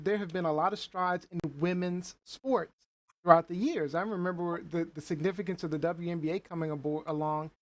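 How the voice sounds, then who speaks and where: A woman's voice: fairly low pitch, darkish tone. A woman hosting a live panel show, thinking aloud with questions and reading out viewer comments. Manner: questioning, hesitant, many fillers and restarts.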